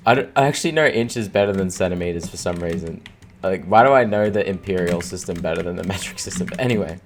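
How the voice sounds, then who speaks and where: A man's voice: sits low, a little hiss or hum. A young man in his twenties from Australia, rambling casually over gameplay with lots of fillers and laughs, and tired from no sleep. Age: 20s. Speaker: gaming streamer.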